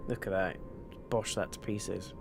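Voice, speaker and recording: A man's voice: low-pitched, fairly even intonation, measured pace, vocal fry. A man giving casual, joking gameplay commentary as a streamer. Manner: joking, chatty. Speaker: gaming streamer. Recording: game music behind.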